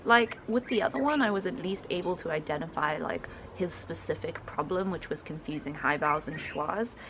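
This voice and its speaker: A woman's voice: fairly low pitch, a little fast, background noise. A South African woman in her twenties, a linguistics student explaining accents in a reaction video, hesitant with frequent ums. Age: 20s.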